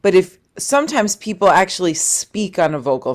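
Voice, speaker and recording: A woman's voice: on the low side, sing-song, normal speed. A woman leading an online singing workshop as coach, upbeat, encouraging and chatty, heard over a video call.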